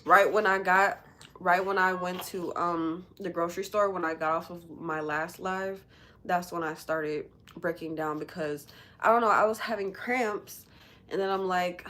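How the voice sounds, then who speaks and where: A woman with a low, deep-set voice talks candidly to her livestream viewers, rambling through fillers and casual swearing. She sounds emotional and tender from recent crying. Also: steady tone, unhurried, bright, forceful tone. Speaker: livestream host.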